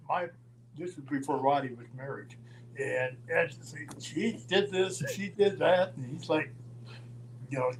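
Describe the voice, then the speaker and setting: An older man from Minnesota telling road stories in a casual, animated way, acting out the voices of the people in them. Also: fairly high pitch, moderate pace, slight background noise, rough recording. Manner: animated storyteller, acts out quoted voices, chuckles. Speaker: storyteller guest.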